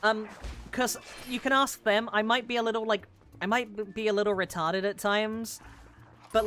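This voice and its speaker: A young woman from London talks over her game stream in a bright, forceful voice, rambling casually and swearing often. Her pitch sits in the middle, and she sometimes breaks into loud, excited yells. Soft music plays behind her. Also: normal speed. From London, England. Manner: chatty, swears a lot, bursts into loud yelling. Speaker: VTuber streamer. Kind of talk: casual gaming stream chat.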